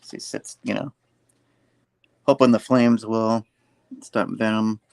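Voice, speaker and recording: A man's voice: on the low side, flat delivery, slow pace, gravelly, darkish tone. A man hosting a podcast, casually retelling a comic book with lots of fillers and restarts. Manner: rambling, filler-heavy retelling. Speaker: podcast host.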